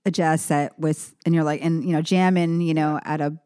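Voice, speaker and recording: Woman musician guest, low voice, rambling casual chat, dry close sound. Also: steady tone, moderate pace, warm tone, smooth, no room sound. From San Francisco Bay Area. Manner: rambling, self-correcting, laughs easily.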